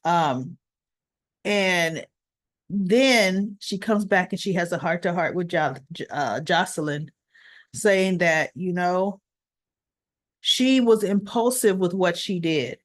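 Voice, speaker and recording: A woman's voice: fairly low pitch, slow, long pauses, dry recording, clean studio sound. A woman casually recapping a soap opera episode, retelling scenes in her own words and paraphrasing what the characters say, with lots of fillers and restarts. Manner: chatty, with frequent fillers and restarts.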